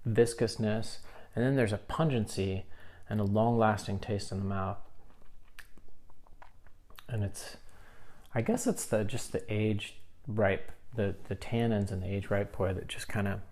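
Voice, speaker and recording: A man, a tea seller, calmly musing as he tastes and talks through a tea in a casual vlog. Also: fairly low pitch. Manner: calm, musing, unhurried. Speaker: tea seller tasting his own stock.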